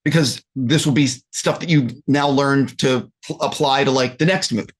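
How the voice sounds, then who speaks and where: A man interviewing a guest, asking relaxed, curious questions and swearing now and then. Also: medium pitch, moderate pace.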